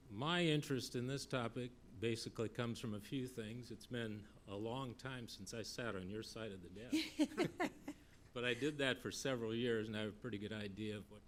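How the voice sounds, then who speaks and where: A man, a former council member, giving an earnest, measured public comment at a city council meeting, recalling history in a storytelling way. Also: on the low side, a little hiss or hum. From Northeast Iowa.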